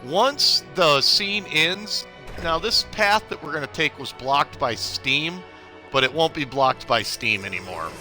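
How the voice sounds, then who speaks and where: With faint music behind him, a young gaming livestreamer speaks in a fairly high, bright, forceful voice, animated yet unhurried. He offers tips and greets viewers by name in upbeat, chatty live gameplay commentary.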